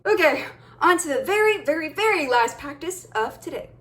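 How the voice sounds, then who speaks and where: Young woman, high voice, chill upbeat teacher vibe, hyping up her viewers. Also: expressive, normal speed, a bit bright. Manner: upbeat, encouraging, addresses viewers as guys. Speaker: language teacher. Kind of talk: casual video lesson.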